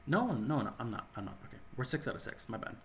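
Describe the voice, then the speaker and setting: A hoarse man with a sore throat giving rambling gameplay commentary, correcting himself as he goes. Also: medium pitch, big pitch swings, quick pace, fairly bright tone, a little hiss or hum. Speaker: game channel host.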